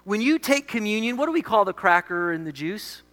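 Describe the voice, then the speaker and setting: Emphatic high-voiced male pastor, reverberant hall. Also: very animated, a little fast. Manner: emphatic, swings between loud declarations and quiet asides. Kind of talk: sermon.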